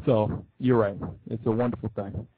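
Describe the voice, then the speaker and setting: A man hosting a call-in show, chatting casually with callers in an excitable, joking way. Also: fairly low pitch, normal speed, husky, no room sound, narrow, tinny audio.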